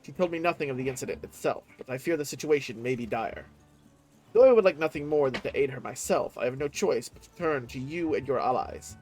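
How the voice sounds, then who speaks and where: A man's voice: medium pitch, expressive, brisk, darkish tone, faint music behind, close to an everyday voice, rough recording. A man reading aloud the lines of a dignified older sea captain in a game, using formal, old-fashioned phrasing. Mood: earnest.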